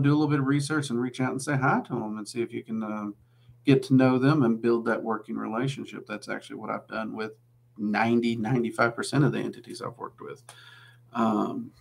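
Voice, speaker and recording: Gravelly Southern man hosting a livestream. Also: medium pitch, fairly even intonation, a little fast. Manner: chatty and rambling, with many "um"s. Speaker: livestream host answering viewer questions. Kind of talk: casual livestream Q&A.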